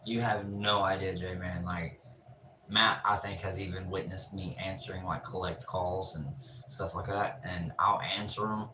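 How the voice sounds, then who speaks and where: A low-voiced man chats loosely with his live-stream viewers, joking and cursing as he goes. He sounds some way off the mic. His voice rings in a roomy echo over steady ambient noise. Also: a little slow, distant mic. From Pennsylvania. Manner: laid-back, joking, swears freely. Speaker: livestream host. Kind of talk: casual live-stream chat.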